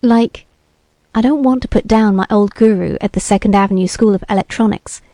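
A woman's voice: mid-range voice, brisk, dark tone, no echo, lightly acted. A woman reading the lines of a bearded young beatnik TV repairman who talks in laid-back hip slang and sounds sure of himself. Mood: musing.

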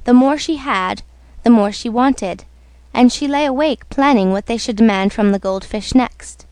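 A woman narrating a storybook on radio in a slow, measured way. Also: a little high, a little mellow, smooth, no room sound. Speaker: story reader.

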